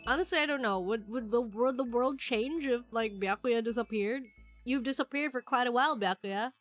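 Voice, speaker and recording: A young woman streamer with a high, bright-sitting voice, chatting through a game. She is animated and giggly, talking back at the characters on screen. Faint music plays underneath. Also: moderate pace. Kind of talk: casual game commentary.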